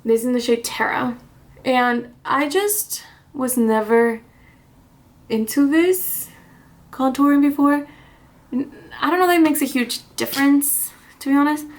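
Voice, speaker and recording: A woman's voice: high voice, unhurried, long pauses. A woman chatting casually through a get-ready-with-me makeup vlog, rambling with restarts and small laughs, a little out of breath. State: slightly out of breath. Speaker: beauty vlogger.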